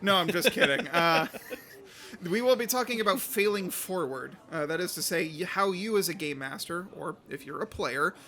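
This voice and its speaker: A man's voice: sits high, animated, moderate pace, bright, forceful tone. A man in his thirties co-hosting a podcast, talking casually with a slightly nasal voice and a joking, self-deprecating manner. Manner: jokey, self-deprecating, with frequent fillers. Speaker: podcast co-host.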